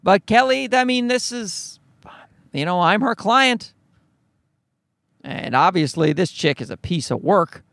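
A man's voice: high voice, lively intonation, a little slow, vocal fry, pauses often, a bit bright, no room sound. A man telling a story to his viewers as a profane, exasperated rant. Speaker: vlogger. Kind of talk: ranting storytime.

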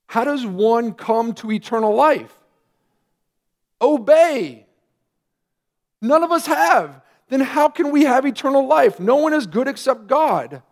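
A man, a pastor, preaching a sermon earnestly, with emphatic rising questions and quieter asides. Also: very high-pitched, animated, moderate pace, few pauses.

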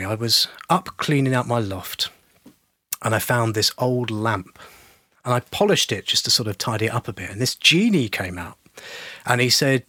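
A man's voice: mid-range voice, animated, moderate pace, pushed and bright, no echo. A man, a podcast co-host, telling a long shaggy-dog joke in casual chat and acting out the characters' lines.

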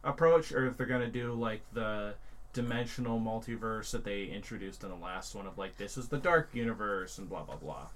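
A man's voice: lowish voice, brisk, a bit bright. A man co-hosting a podcast in casual chat, musing thoughtfully aloud. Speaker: podcast co-host.

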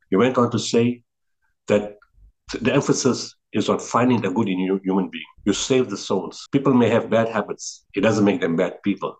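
Over poor audio, a middle-aged interview guest with a South African accent speaks briskly in a lowish, darkish voice. As founder of a relief organization, he tells reflective stories earnestly, often restarting and repeating words to stress his points.

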